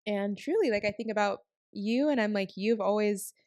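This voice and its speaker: A woman's voice: mid-range voice, no room sound, studio quality. A young woman hosting a podcast, chatting casually and affirming her guest often. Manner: warm encouraging responses, quick affirmations. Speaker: podcast host. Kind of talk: casual faith chat.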